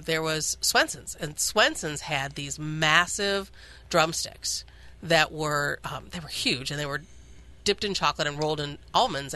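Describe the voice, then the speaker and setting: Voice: medium pitch, pushed and bright. An ice cream shop owner talking enthusiastically as a guest on a radio show, with many fillers. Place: radio studio.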